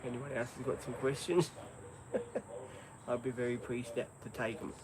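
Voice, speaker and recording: A man's voice: mid-range voice, flat delivery, measured pace, darkish tone, a little hiss or hum, rough recording. An Australian man hosting a live stream, chatting in an easygoing, rambling way with many ums. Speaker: livestream host. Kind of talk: casual live stream chat.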